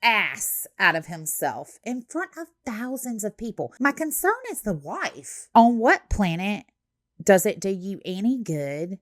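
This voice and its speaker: Woman, blunt commentary, lively pitch swings, dry close voice. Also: a little slow, no echo. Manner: blunt, sarcastic, swears freely. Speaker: commentary host. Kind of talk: reaction commentary.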